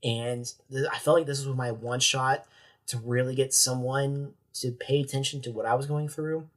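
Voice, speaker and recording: A young adult man speaks at a middle pitch, recounting his own hard experience as a guest on a podcast. He talks candidly and with emotion. He often stops and starts his sentences over. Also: fairly even intonation, moderate pace. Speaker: sheriff's corporal and podcast guest. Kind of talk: personal account in a podcast interview.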